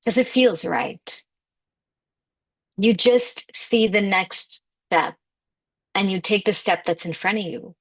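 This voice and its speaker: This manifestation coach talks at a medium pitch, slowly, pausing often. She guides listeners through a motivational spiritual message in an emphatic, conversational way, frequently saying "like."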